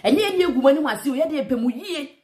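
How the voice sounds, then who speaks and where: A woman's voice: high voice, lively intonation, very fast, darkish tone. A Ghanaian woman giving casual, emphatic commentary, mixing Twi and English and repeating herself for stress. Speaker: vlogger commenting on news.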